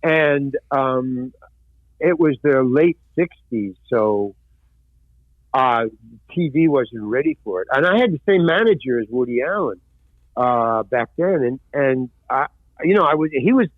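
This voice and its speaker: An older man, a former stand-up comic, telling lively anecdotes in an interview and acting out the voices of people he quotes. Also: medium pitch, unhurried, no echo. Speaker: guest, actor and former stand-up comedian. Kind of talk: storytelling interview. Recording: dry, tinny phone-like line.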